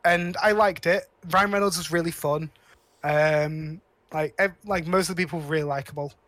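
A man's voice: fairly high pitch, steady tone, moderate pace, fairly bright tone, no echo. A man co-hosting a podcast, rambling casually about films with lots of restarts and cheerful swearing. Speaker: podcast co-host. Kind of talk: casual chat.

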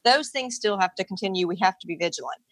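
A woman's voice: medium pitch, lively intonation, fast, over a noisy crowd. A woman guest author in an interview, explaining her ideas in a coaching way and checking that she is understood. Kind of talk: conversational interview.

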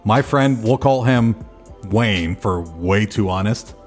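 A man's voice: fairly low pitch, takes it slowly, faint music behind. A man hosting a podcast, telling crude stories in blunt casual banter. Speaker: podcast host.

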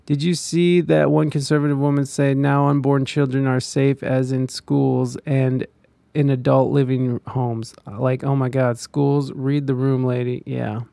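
Gravelly, profane ranting man. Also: mid-range voice, flat delivery, unhurried, warm tone, dry recording. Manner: profane, heated, rambling with frequent restarts. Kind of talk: casual ranting commentary.

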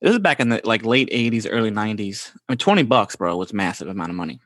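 This Bronx native in his forties talks fast and expressively in a lowish, slightly bright voice, with no room sound. He recounts childhood stories casually and slangily, saying "bro" often in a laid-back manner.

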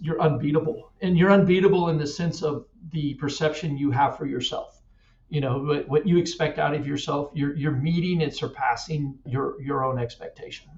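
Earnest middle aged guy from kansas, sounds far off from the mic, repeats himself a lot. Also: on the high side. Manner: earnest, repeats words, animated storyteller. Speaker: guest cyclist. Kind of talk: casual interview. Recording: echoey distant dull-sounding mic.

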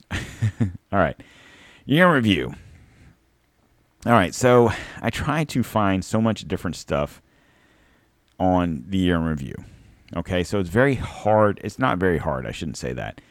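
Man, very low voice, dry close sound, sarcastic, rambling, swears a lot. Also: sing-song, a little slow, pauses often, no room sound. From Florida. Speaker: podcast host. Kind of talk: casual rambling commentary.

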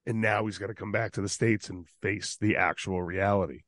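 A man co-hosts a casual podcast while sick and losing his voice, speaking laid-back and conversationally. His fairly low, fairly bright voice stays fairly even and moves a little fast, captured in clean studio sound with no room sound.

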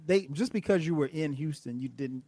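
A man's voice: fairly high pitch, a little fast, dark tone, breathy edge, no room sound. A middle-aged man co-hosting a podcast, chatting casually about a movie and thinking aloud with many restarts. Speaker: podcast co-host.

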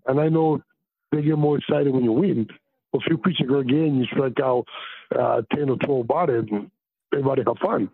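Gravelly animated man on a phone line. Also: medium pitch, moderate pace, no echo. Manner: animated, swears, acts out loud quotes. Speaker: interview guest, retired baseball pitcher. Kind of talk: casual storytelling on a podcast. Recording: tinny phone-line sound.

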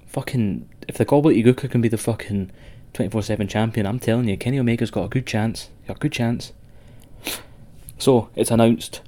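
A man's voice: fairly low pitch, warm tone. A Scottish man co-hosting a wrestling podcast, rambling and swearing as he chats with a friend. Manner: sweary, rambling, laughs a lot. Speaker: podcast co-host. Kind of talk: casual podcast chat.

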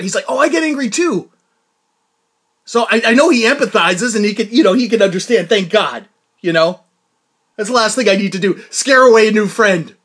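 A man hosting his own podcast, telling a story in a casual chat, excitable and swinging from loud laughing outbursts to low mutters. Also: moderate pace, long pauses, breathy edge. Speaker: podcast host. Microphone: podcast mic.

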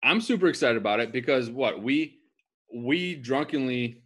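A man's voice: medium pitch, expressive, moderate pace, a bit bright, breathy edge. A young man co-hosting a casual live-stream chat, teasing in easygoing banter. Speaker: co-host.

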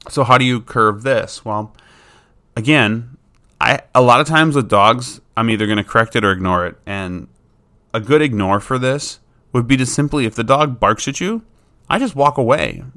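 A man's voice: medium pitch, moderate pace, sharp tone. A man talking casually as a dog trainer, explaining dog behavior in an informal, plain-spoken way. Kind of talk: casual instructional talk.

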